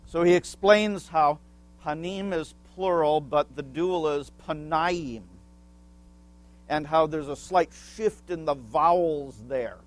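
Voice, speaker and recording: A man's voice: on the high side, soft background music. A man preaching a sermon as pastor, explaining a word with small asides and asking the congregation questions. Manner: asks the congregation questions and pauses for answers.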